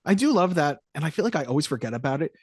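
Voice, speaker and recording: A podcast co-host chatting casually about a film, animated and jokey, often slipping into quick mock voices. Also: mid-range voice, husky, dry recording, clean studio sound. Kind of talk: casual movie-review chat.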